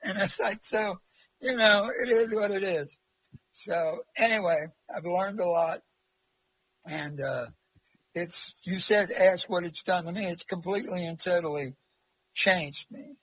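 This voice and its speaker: Folksy man, interview guest; high, husky voice, dry close sound. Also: measured pace, a bit bright, no room sound, low-quality recording. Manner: rambling, folksy, many fillers. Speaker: interview guest, long-distance walker. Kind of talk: casual storytelling.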